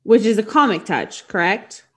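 A woman with a mid-range voice co-hosts a casual podcast. She is chatty and excitable and laughs easily. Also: medium pitch, moderate pace. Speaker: podcast co-host. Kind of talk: casual chat.

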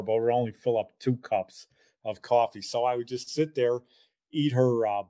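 A man's voice: lowish voice, warm tone. A man in his sixties hosting a podcast, talking in a chatty, rambling, homespun way. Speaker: podcast host. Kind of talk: casual podcast monologue.

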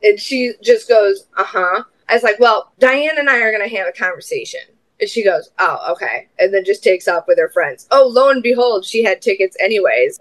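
A young woman hosts a podcast and tells a long personal story in a casual, chatty way. She swears freely and acts out what people said, jumping up in pitch for the quoted lines. Her voice sits at a middle pitch for a woman. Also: no echo. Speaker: podcast host.

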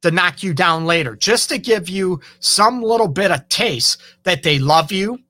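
A man's voice: high-pitched, expressive, a little slow, sharp tone. A man with a Detroit accent hosting a relationship advice show, talking off the cuff with many fillers and acted-out snippets of dialogue. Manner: conversational, many fillers and asides, acts out quoted exchanges. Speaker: relationship counselor and show host. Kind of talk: unscripted advice talk.

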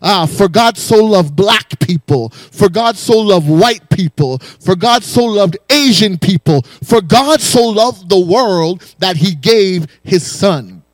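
Male pastor, high voice, dry close sound, rhythmic call-and-response preaching. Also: expressive, slow pace, hardly any pauses, no echo. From raised in a West Indian home. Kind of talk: sermon.

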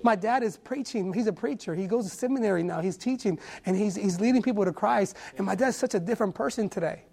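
Earnest husky-voiced man preaching a testimony. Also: high voice, quick pace, hardly any pauses, a little mellow. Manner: earnest, repeats words often, stammering restarts. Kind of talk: sermon testimony.

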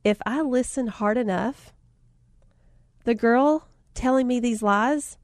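A woman with a Southern US accent talks in a casual, motivational way, spinning lively personal stories and laughing between lines. Her voice sits a bit high for a woman, and she talks often to her listeners as y'all. The sound is dry and close, with almost no room echo. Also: slow. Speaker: speaker sharing life lessons.

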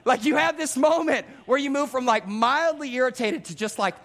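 Man in his thirties, pastor preaching, high voice, animated and self-deprecating, talks straight to the congregation. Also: moderate pace. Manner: animated, self-deprecating storytelling with direct audience address. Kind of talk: sermon.

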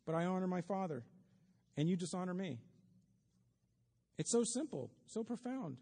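A man's voice: high-pitched, moderate pace, long pauses, warm tone. A man preaching a sermon, talking conversationally to the congregation with wry asides, in a church sanctuary. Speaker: pastor. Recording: long reverb of a large hall.

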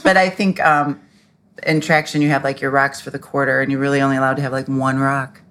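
A woman hosting a podcast conversation, candid and quick to laugh, swearing casually. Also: rumbling low, flat delivery, fairly bright tone. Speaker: podcast host. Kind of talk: casual chat.

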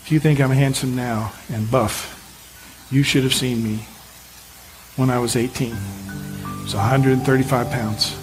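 A man's voice: medium pitch, steady tone, unhurried, long pauses, soft background music, poor audio. A male pastor preaching a sermon in an earnest, emphatic, encouraging way.

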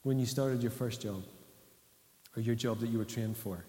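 A man's voice: mid-range voice, moderate pace, dark tone. Man, pastor, conversational sermon, long church reverb. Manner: conversational, asks the congregation questions. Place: church hall. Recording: echoey church hall.

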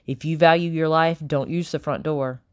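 Woman voicing a young boy, low and quiet, terse, audiobook. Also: fairly even intonation, moderate pace, clear, resonant tone, dry recording, clean studio sound, close to an everyday voice. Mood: warning. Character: cocky young boy with an earring.

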